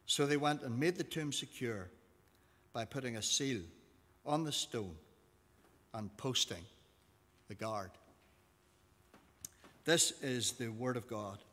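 A man's voice: medium pitch, slow pace, long pauses, sharp tone. A man reading scripture aloud to a class, giving the quoted lines expression. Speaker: teacher. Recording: long reverb of a hall.

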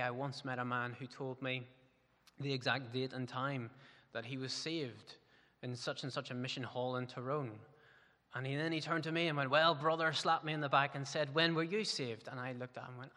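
A man's voice: mid-range voice, pushed and bright. A man preaching an earnest sermon in a church, rising to emphatic peaks. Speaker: pastor. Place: church hall. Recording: long hall reverb.

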